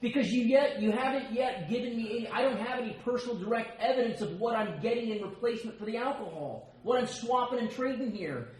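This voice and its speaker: An American man giving a personal share at a recovery meeting, telling stories with quick asides and self-mocking humor. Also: very high-pitched, animated. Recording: very echoey room with faint ambience.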